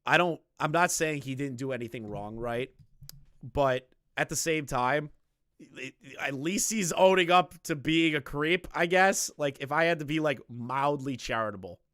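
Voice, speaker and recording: A young man giving casual reaction commentary, rambling and repeating himself, swinging from loud remarks to low muttering. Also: moderate pace, dry recording, studio quality. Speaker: commentary streamer.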